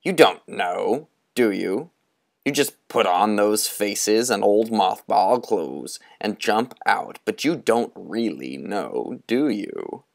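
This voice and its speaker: Man plays tall bony old specter: booming, theatrical, slow and gravelly, relishes every word. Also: expressive, heavily acted. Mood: mocking.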